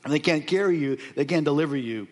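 A man's voice: a little high, quick pace. A man preaching on scripture, reading verses aloud and explaining them off the cuff with frequent fillers and restarts. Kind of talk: expository sermon.

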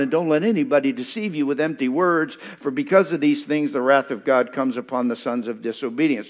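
A man preaching a sermon, reading scripture verses aloud and then explaining them with emphatic repetition. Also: on the high side. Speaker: pastor.

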